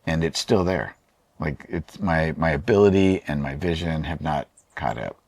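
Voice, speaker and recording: A man's voice: extremely low pitch, normal speed, a little mellow, no echo. A man, an artist being interviewed, talking casually in a rambling, hesitant way with many fillers and restarts. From Oregon, USA. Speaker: artist and painter.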